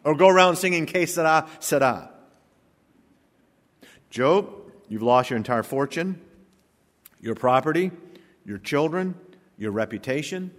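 A male pastor preaching a sermon, emphatic, firing off rhetorical questions and swinging from hushed to loud. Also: fairly high pitch, expressive, moderate pace, long pauses. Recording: long reverb of a large hall.

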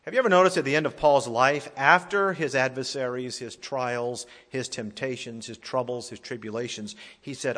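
A pastor preaching a sermon, swinging dramatically from loud declarations to hushed tones. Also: male voice, medium pitch, normal speed, hardly any pauses. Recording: long reverb of a large hall.

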